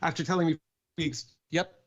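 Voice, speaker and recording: A man's voice: medium pitch, animated, brisk. A man who narrates audiobooks and acts, chatting on a podcast call with plenty of fillers and restarts. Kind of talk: casual podcast interview.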